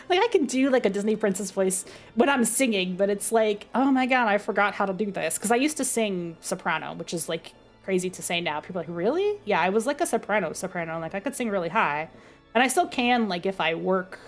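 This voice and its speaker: A young adult woman with a low, dark speaking voice, chatting casually on a stream with lots of fillers and self-deprecating asides.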